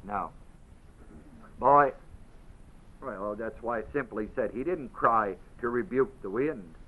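A man preaching a sermon, moving from quiet explanation to loud, dramatic quoting of scripture. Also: mid-range voice, slow pace. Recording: dull lo-fi audio.

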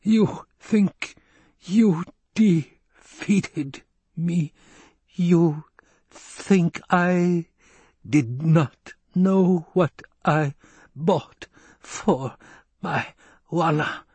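Man doing an old dying doctor, measured cadence, high strained voice, husky. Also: a little mellow, no room sound, heavily acted. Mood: defiant. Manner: oddly measured, careful cadence. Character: frail old male doctor, dying traitor.

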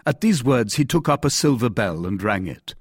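Brief: man narrating an audiobook, animated pitch, slightly husky, dry studio sound. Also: moderate pace, dry recording. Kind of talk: scripted narration.

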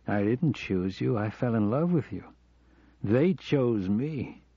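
Earnest American professor confessing, self-deprecating, as a male reader plays him, mellow, dry, audiobook. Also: mid-range voice, expressive, slow, dry recording, lo-fi sound. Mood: pleading. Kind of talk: audiobook reading.

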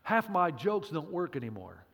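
A man's voice: a little high, sing-song, moderate pace, creaky, a bit bright, slightly rough, in a large hall. A man preaching a sermon as pastor, punchy and joking, with emphatic repeats.

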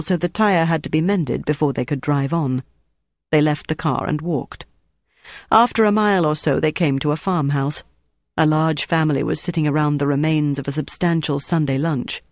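A narrator reading a novel in steady, scripted storytelling. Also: mid-range voice, dry recording, clean studio sound. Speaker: audiobook narrator.

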